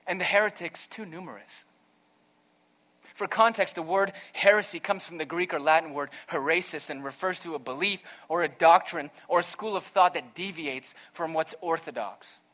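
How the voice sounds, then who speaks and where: A pastor preaching an earnest, emphatic sermon, weaving in a storytelling aside. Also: male voice, a little high, fairly bright tone.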